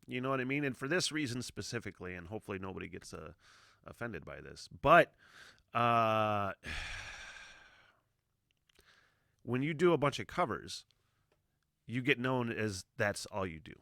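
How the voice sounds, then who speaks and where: A man's voice: on the low side, sing-song, a little slow, gravelly, long pauses, pushed and bright, no echo, studio quality. A middle-aged man hosting a music reaction video, rambling casually with lots of fillers and swearing.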